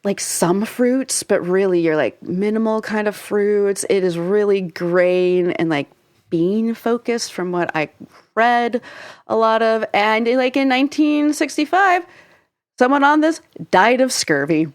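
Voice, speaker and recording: A young woman co-hosting a podcast, talking through her research in a loose, rambling way full of "like" fillers. Her voice sits at a middle pitch and sounds dry and close, with little room sound. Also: measured pace, no room sound. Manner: chatty, explains at length with frequent "like" fillers and laughs. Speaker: podcast co-host. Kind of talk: casual podcast chat.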